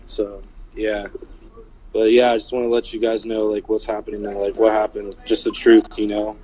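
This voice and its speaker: A man telling what he witnessed in a casual livestream, halting and full of "like" and "you know". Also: fairly low pitch, completely flat delivery, mellow, muffled recording. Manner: halting, filler-heavy, many "like" and "you know". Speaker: eyewitness recounting an event. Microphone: phone.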